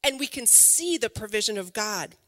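Lively woman preacher, bright voice. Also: medium pitch, normal speed, big-room sound. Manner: conversational and lively, with rhetorical questions to the viewers. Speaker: pastor. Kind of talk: online sermon.

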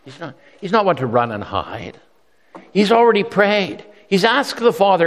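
A man's voice: sits high, normal speed, long reverb tail. A man preaching a sermon in a conversational way, often repeating himself and voicing the quotes he tells. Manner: conversational, repeats words, animated voices for quotes.

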